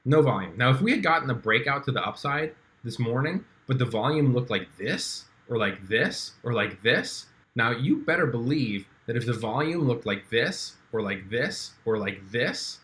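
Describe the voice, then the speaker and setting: A man's voice: medium pitch, lively intonation, normal speed, few pauses, a bit bright. A young man walking through his stock trades in a casual, chatty way, with frequent fillers and restarts. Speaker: stock trading YouTuber. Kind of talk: casual screen-share walkthrough.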